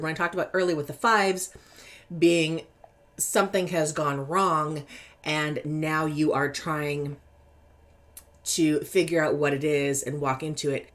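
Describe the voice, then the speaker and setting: A woman from California with a Californian accent, chatting casually as she reads tarot cards. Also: low voice. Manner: lively, chatty, laughs easily, animated emphasis. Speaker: tarot reader. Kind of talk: casual tarot deck interview reading.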